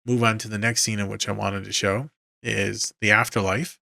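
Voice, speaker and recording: A man's voice: fairly low pitch, flat delivery, normal speed, vocal fry, pushed and bright, no room sound, studio quality. A man hosting a podcast as a therapist, retelling film scenes emotionally with quoted lines and swearing. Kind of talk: casual film breakdown.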